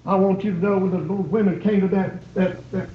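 In a church, a man preaches a sermon, pleading and repeating his points with mounting emphasis. His high voice holds a steady tone at a brisk pace, captured in a dull, echoey recording with a little hiss or hum.

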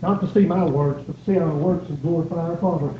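A man's voice: fairly high pitch, fast talker, a little hiss or hum. A man preaching a sermon, pleading and repeating his points with rising emphasis. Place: church. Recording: echoey, dull church recording.

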